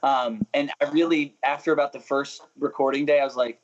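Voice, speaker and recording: A young man talks casually as an interview guest, restarting his sentences and laughing now and then. His voice sits at a middle pitch. The audio is a little muffled. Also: fairly even intonation, fairly quick. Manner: chatty, self-interrupting, laughs often. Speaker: musician guest.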